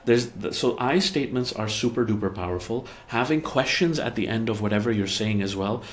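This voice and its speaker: The head of a therapy practice explains relationship communication conversationally, often tripping over repeated words and acting out sample dialogue. His voice is on the low side, a bit fast, with lively intonation.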